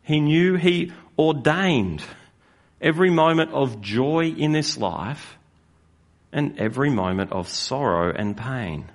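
A man's voice: mid-range voice, expressive. Earnest male pastor preaching a sermon. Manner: earnest, with slow emphatic stresses.

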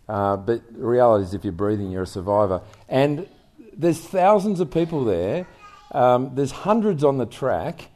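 An older man speaking as a guest in an on-stage interview, telling stories in an animated way. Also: mid-range voice. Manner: animated storyteller, acts out voices in anecdotes.

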